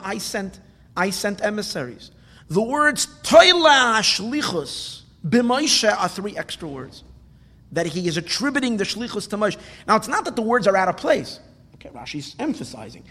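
High-voiced man teaching a Torah class. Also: big pitch swings, normal speed, pushed and bright, in a large hall. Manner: questioning, explains Hebrew phrases with translations.

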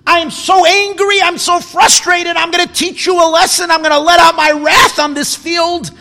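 A furious farmer yells threats at his own field in a high, strained shout, as a preacher acts him out, each cry ringing through a big echoing hall. The voice is harsh and bright. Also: flat delivery, normal speed, gravelly, exaggerated voice. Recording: long hall reverb.

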